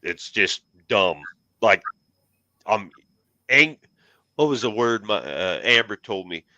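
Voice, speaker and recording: Guy talking shop about his car projects, laughs at himself, real bright voice, dry close sound. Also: on the low side, very animated, takes it slowly, no echo, dull audio. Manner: self-mocking storyteller, swears casually. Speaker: car hobbyist show host. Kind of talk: casual chat.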